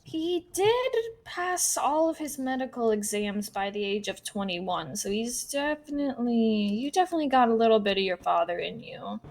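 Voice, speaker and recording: A woman's voice: a little high, expressive, moderate pace, few pauses. Chatty playful woman in roleplay. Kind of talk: in-character roleplay.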